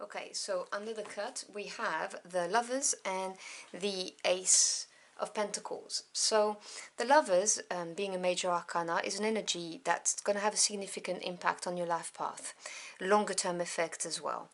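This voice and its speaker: A woman giving a tarot reading to camera, gentle and meandering, with many pauses and apologies. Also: mid-range voice, steady tone. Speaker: tarot reader.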